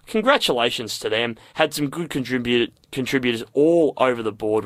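A man's voice: mid-range voice, a bit bright, no echo. A young man presenting a casual sports segment on radio, rambling with lots of fillers. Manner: chatty, rambling, filler-heavy. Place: radio studio.

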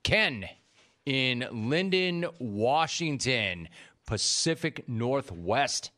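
On a call-in show, a male radio host talks fast and loose, teasing his producer with mock exasperation and keeping the banter rolling. His mid-range voice is animated and fairly bright.

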